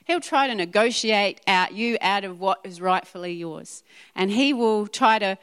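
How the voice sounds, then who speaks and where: A woman preaching a sermon to a church congregation, emphatic and animated, repeating her points and speaking directly to the audience. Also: mid-range voice, unhurried, clean tone. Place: church hall. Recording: reverberant hall.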